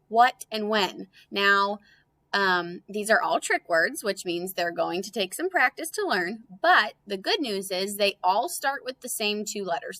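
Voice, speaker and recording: A woman teacher giving a recorded phonics lesson to young children, in a bright, encouraging, sing-song voice that stretches out words. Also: mid-range voice. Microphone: computer.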